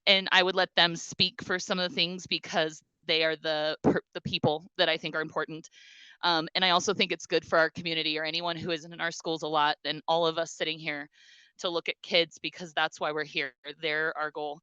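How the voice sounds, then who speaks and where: A woman's voice: low voice, flat delivery, brisk, clean tone, no echo, poor audio. A woman in her forties, a teacher and union president, speaking at a school board meeting in a talkative, heartfelt way with frequent ums. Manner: talkative, warm-hearted, emotional, with many ums.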